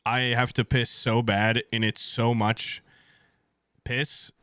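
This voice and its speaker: A man's voice: mid-range voice, flat delivery, slow, a bit bright, clean tone, dry recording. A young man in his twenties telling a rambling, crude story to his stream chat at home, swearing bluntly as he goes.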